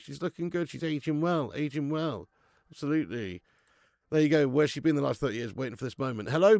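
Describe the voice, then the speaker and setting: Gravelly guy hosting a stream. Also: on the high side, no echo, studio quality. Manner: chatty and laddish, reading out viewer names, laughs often. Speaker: watch-along host. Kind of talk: live stream chat and match commentary.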